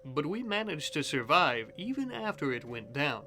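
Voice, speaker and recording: A man hosting a let's play, narrating his colony in a theatrical role-played manner with slow, taunting speeches. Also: fairly high pitch, big pitch swings, bright, forceful tone, a little hiss or hum. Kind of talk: role-played gameplay commentary.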